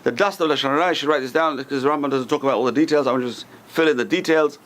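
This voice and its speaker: A man's voice: medium pitch, racing, fairly bright tone, a little hiss or hum. A man teaching an informal Torah class as a rabbi, talking conversationally and acting out gossipy lines with joking asides.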